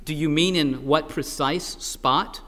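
A man's voice: fairly high pitch, takes it slowly, pushed and bright, in a large hall. A man voicing an indignant, proud squishy sea creature who talks in a prim, touchy way. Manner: prim, huffy, insists on being rational.

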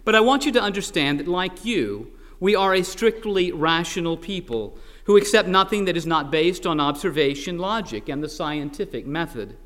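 A man's voice: high-pitched, expressive, moderate pace, few pauses, a bit bright, long reverb tail. A man voicing an indignant, proud squishy sea creature who talks in a prim, touchy way. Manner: prim, huffy, insists on being rational.

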